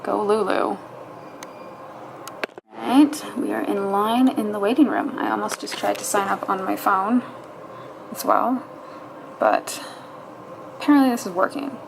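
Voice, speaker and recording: A woman's voice: mid-range voice, animated, measured pace, vocal fry, pauses often, noisy background. A woman vlogging casually, talking to herself and her viewers, exasperated and swearing as she tries to register online. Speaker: fitness vlogger. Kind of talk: casual vlog commentary.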